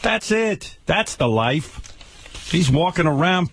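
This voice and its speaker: A man's voice: fairly high pitch, lively intonation, takes it slowly, a bit bright, slight background noise. An older man hosting a radio show, ranting with profane sarcasm and stammered repeats. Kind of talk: angry on-air rant. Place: radio studio.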